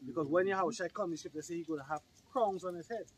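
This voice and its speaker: A man with a Trinidadian accent preaching on a city street, reading scripture slowly and loudly, then explaining it in casual talk. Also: high-pitched. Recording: distant mic, loud street noise.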